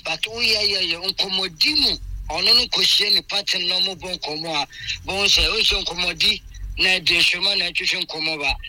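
A Ghanaian man calling in to a radio show, telling a relationship story in animated fashion with code-switching. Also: sits high, measured pace, slight background noise, rough recording. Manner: animated storytelling, voices quoted partners. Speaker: caller. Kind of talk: call-in radio chat.

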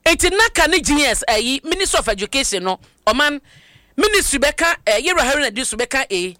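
A woman's voice: high voice, very animated, quick pace, bright, forceful tone, no echo, studio quality. A woman with a Ghanaian accent co-hosting a current affairs radio show, talking animatedly and switching between Twi and English.

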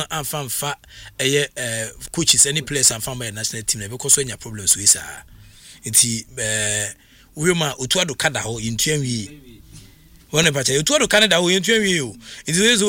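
A man's voice: on the high side, pushed and bright. A Ghanaian man hosting a sports radio talk show, chatting loosely with many fillers.

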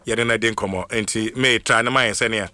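A man with a Ghanaian accent hosting a radio show, reading out shout-outs in a playful, excitable way. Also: on the low side, brisk, dry recording. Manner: excitable, playful, jokes and laughs between names. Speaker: radio host.

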